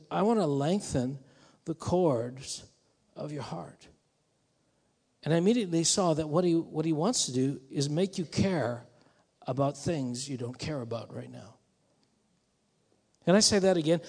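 A man preaching a sermon in a conversational, musing way that rises to emphatic bursts. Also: on the high side. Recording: long hall reverb.

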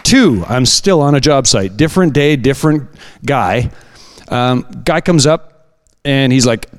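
A man telling testimony stories at a church service, animated, acting out the dialogue as he goes. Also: mid-range voice, a little slow. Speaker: guest sharing testimonies.

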